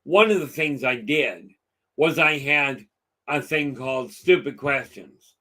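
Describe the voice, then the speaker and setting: A man's voice: mid-range voice, slow pace, sharp tone. A middle-aged man hosting a live stream, chatting casually with viewers and telling rambling stories full of fillers. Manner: rambling storyteller, lots of fillers.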